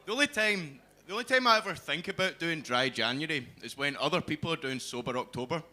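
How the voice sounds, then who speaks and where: A young Scottish man doing a stand-up set in a comedy club, with a dry, deadpan delivery into a stage mic. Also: a little high, quick pace. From Scotland.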